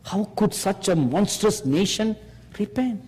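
Male preacher, slightly high voice, long hall reverb, slow and earnest sermon delivery. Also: lively intonation, darkish tone, slightly rough. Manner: slow, earnest preaching with rhetorical questions to the congregation.

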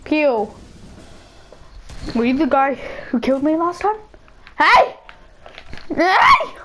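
A woman hosting her own gaming channel, talking through a match in a high, bright-pitched voice. She drawls slowly between rambling thoughts and flares into excited shouts. A faint noise sits under the recording. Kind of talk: live gameplay commentary.

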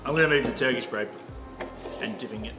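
A man as a guest on a wine show, chatting in a relaxed, easy-going way. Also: medium pitch, fast talker. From Australia. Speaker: guest distiller. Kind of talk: casual chat. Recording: echoey room with music behind.

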